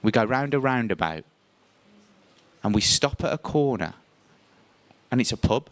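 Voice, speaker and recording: A man of medium pitch tells a personal story as a live performance. He is animated and theatrical, and his voice climbs high when he acts out scenes. The sound is dry and close, with no room echo. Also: a little slow.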